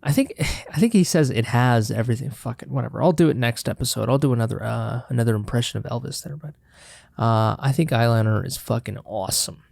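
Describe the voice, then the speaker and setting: A man's voice: mid-range voice, lively intonation, a little fast, gravelly, a little mellow, dry recording, studio quality. A man hosting a casual solo podcast, talking loosely with joking swears and chewing chocolate on the mic. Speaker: podcast host. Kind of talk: casual solo podcast chat with eating sounds.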